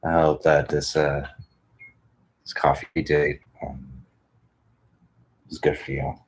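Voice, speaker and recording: An extremely low, husky male voice with little pitch movement drifts slowly through this home podcast. The host talks close into a studio mic, rambling casually, cursing, and being self-deprecating.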